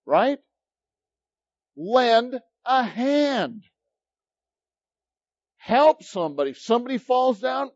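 A man preaching a sermon as pastor, telling stories in an animated, emphatic way. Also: sits high, no room sound. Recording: dull lo-fi recording, dry.

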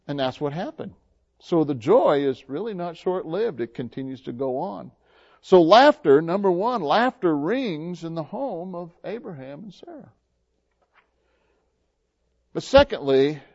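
A man's voice: fairly high pitch, a little mellow, dull audio. A male pastor preaching a sermon in a folksy, conversational way, often restarting and filling with "uh" and "you know.". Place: church.

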